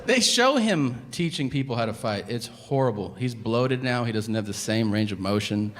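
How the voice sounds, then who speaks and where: Animated man doing stand-up, lively voice. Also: mid-range voice, normal speed, in a large hall. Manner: animated, puts on voices, profane. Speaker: stand-up comedian. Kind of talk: stand-up routine. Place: comedy stage before a laughing audience. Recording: noisy live club recording.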